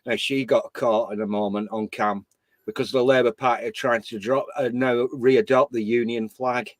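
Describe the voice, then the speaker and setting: A man's voice: mid-range voice, steady tone, normal speed, dry recording. A man in a casual chat, opinionated and chatty, trading remarks with the host.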